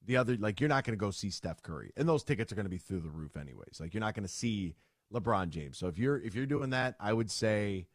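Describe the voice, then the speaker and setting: A man on a sports radio show with a low, deep-ish voice in a dry, close studio sound. He tells stories animatedly, voicing the people he met. He is blunt and opinionated. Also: fast, no room sound. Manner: animated storyteller, acts out both sides of conversations. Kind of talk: casual sports talk monologue.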